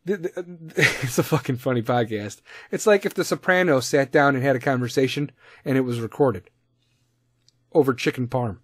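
A man with a Chicago accent giving a casual, profanity-laced shout-out on his podcast, rambling loosely and laughing at himself. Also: medium pitch, moderate pace, no echo, clean studio sound. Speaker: podcast host.

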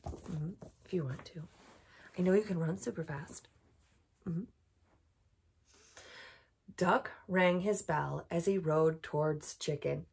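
Soft bedtime story lady, slow, asks the kids questions, husky voice. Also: lowish voice. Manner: gentle, asks children questions. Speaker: children's museum storyteller. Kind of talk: bedtime picture-book read-aloud.

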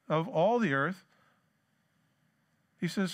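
A pastor delivers a sermon in a fairly high voice for a man. He moves between easy, joking asides to the congregation and scripture readings that climb in force. The delivery stays conversational throughout. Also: slow pace, pauses often. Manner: conversational and joking, reads scripture with rising emphasis. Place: church sanctuary.

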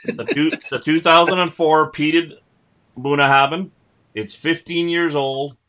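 A man's voice: a little high, fairly even intonation, a little slow, a bit bright. A man hosting a casual online tasting chat, joking and reading out viewer comments. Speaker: host.

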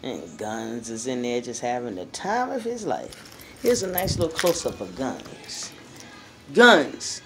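A woman's voice: rumbling low, very animated, slow, fairly bright tone, faint music behind. A woman filming her dogs at play, chatting casually, laughing, and cooing at them. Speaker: dog owner filming her pets. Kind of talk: casual home video commentary.

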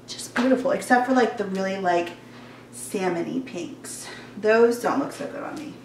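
A young fashion vlogger from Georgia with a US Southern accent gushes over clothes in a casual try-on haul from her warm bedroom, using lots of fillers and sounding slightly out of breath. Her mid-range voice is darkish and normal in speed, captured in an echoey room where she sounds a bit far off, with a little hiss or hum.

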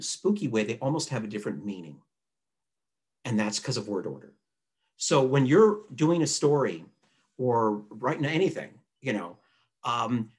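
A man, a newspaper editor, giving a relaxed, chatty writing lesson over a video call, reading example sentences aloud to show their rhythm. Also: mid-range voice, breathy edge. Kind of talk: conversational online writing lesson. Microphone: computer mic on a video call.

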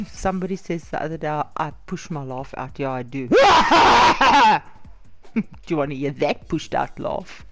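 A hoarse woman giggling, swearing and shrieking with excitement through her let's-play commentary, over faint game music. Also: low-pitched, moderate pace. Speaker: gamer.

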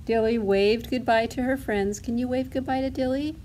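A woman's voice: a little high, steady tone, normal speed, few pauses, mellow, slight background noise. A woman librarian reading a storybook aloud to toddlers in a sing-song way, asking the children questions as she goes.

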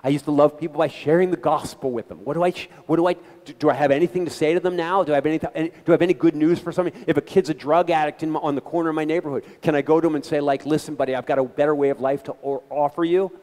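A middle-aged man giving an animated, conversational talk to a gathering, telling stories with quoted voices and frequent restarts. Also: on the high side, very fast, hardly any pauses, long reverb tail. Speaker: guest speaker. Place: meeting hall.

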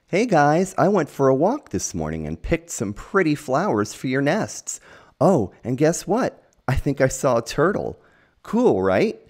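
A man's voice: lowish voice, sing-song, normal speed, pitched above the performer's own voice. A man voicing a scheming male alligator restaurant owner in a storybook read-aloud, speaking in a theatrical, gushing way with sly asides. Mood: excited.

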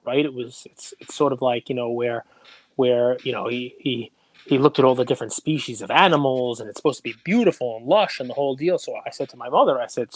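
A man's voice: medium pitch, fast talker, dry recording. A man hosting a casual podcast, teasing and sarcastic, telling long winding stories. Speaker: podcast host.

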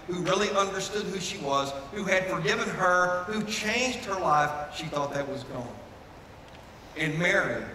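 A male pastor delivers a sermon with a bright, high-pitched voice that swells into fervent, repeated refrains. He is picked up from some distance, so his words ring through the long reverb of a church hall. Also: slight background noise. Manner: preaching with rising fervor and repeated refrains. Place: church sanctuary. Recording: echoey hall, mic from a distance.

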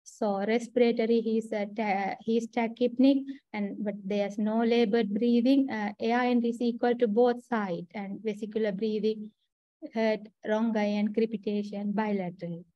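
A woman's voice: a little high, steady tone, normal speed, no echo, dull audio. A woman with a Sri Lankan accent giving a clinical case presentation, hesitant with many fillers and restarts. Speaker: trainee doctor presenting a case.

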